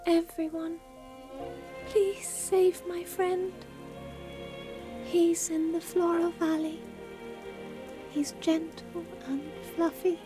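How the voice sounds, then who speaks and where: A woman voicing a shy, gentle female water sprite in a video game, with a soft, quivering, childlike voice. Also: extremely high pitch, little pitch movement, slow, pauses often. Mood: pleading. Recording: game audio with music and rain.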